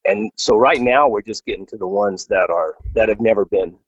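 A man talking as a podcast guest in a casual, halting way, often repeating words as he starts. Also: on the low side, breathy edge, no room sound, dull audio. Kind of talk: casual chat.

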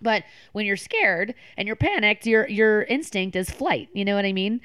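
A woman co-hosting a casual chat show, telling an animated travel story in an expressive, quick way. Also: mid-range voice, clean tone, dry recording, clean studio sound. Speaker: podcast co-host.

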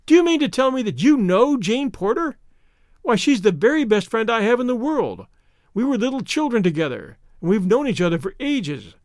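A man's voice: high-pitched, very animated, a little fast, hardly any pauses, darkish tone, dry recording, studio quality. A man reading an audiobook voices an outspoken young woman who talks in an eager, earnest way. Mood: animated.

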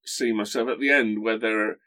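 A man guesting on a podcast, in casual chat, talking in an animated way with frequent restarts and self-corrections. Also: lowish voice, moderate pace.

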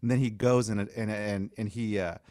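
A man's voice: lowish voice, normal speed, smooth, dry recording, clean studio sound. A man telling stories in casual chat with friends, acting out the people he quotes and laughing often. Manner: animated storyteller, acts out quotes, laughs often.

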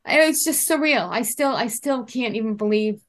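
A middle-aged woman speaking as a podcast guest, telling a painful personal story in a halting way, often repeating herself and trailing off. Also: a little high, animated. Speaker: guest, bereaved mother.

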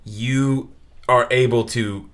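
A man acting as game master for a tabletop game, calmly explaining the rules and the outcomes of rolls. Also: medium pitch, slow pace.

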